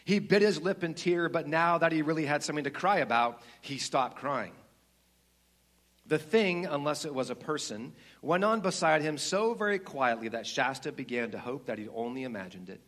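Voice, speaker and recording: A man's voice: on the high side, lively intonation, moderate pace, fairly bright tone. Male pastor, conversational sermon delivery, talks straight to the congregation, reads stories aloud. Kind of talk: sermon with read-aloud story.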